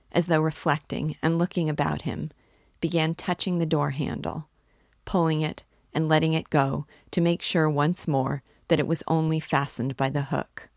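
A woman reading a classic novel aloud as a guide, with measured, even narration. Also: sits low, gravelly, no echo, clean studio sound.

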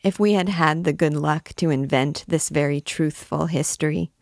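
Low-pitched lady reading an old novel aloud, steady and expressive, dry close sound. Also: creaky, no room sound. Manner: measured, expressive reading with voiced quotes. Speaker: reader of a classic novel. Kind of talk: read-aloud narration.

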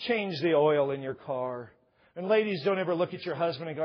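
A man's voice: on the high side, expressive, fairly quick, lo-fi sound. A middle-aged man preaching a sermon with jokes, often putting on the voices of husbands and wives. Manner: joking, acts out couples' voices. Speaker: pastor. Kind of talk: humorous sermon.

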